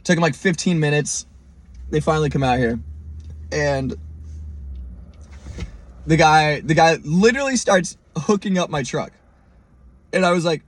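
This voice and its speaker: Husky-voiced man telling a road story. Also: a little high, a little slow, long pauses. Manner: animated, profane, mimics others in quoted lines. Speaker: podcast host. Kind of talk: storytelling monologue.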